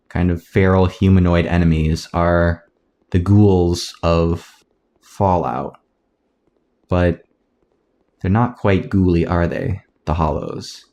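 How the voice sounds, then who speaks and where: A man casually commentating his own gameplay, rambling aloud through tangents with soft self-mocking asides. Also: deep voice. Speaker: let's play gamer.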